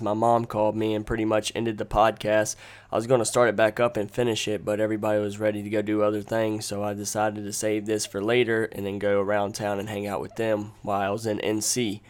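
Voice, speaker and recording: A man hosting a casual podcast from a room with friends, telling a story in a blunt, rambling, profane way. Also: lowish voice. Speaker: podcast host. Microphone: podcast microphone.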